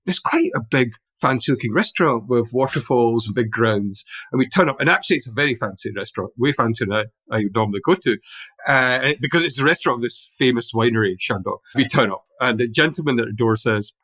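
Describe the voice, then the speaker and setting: A middle-aged man with a Glaswegian accent, a podcast guest telling animated anecdotes in casual conversation with many restarts. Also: medium pitch, quick pace, no echo. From Scotland.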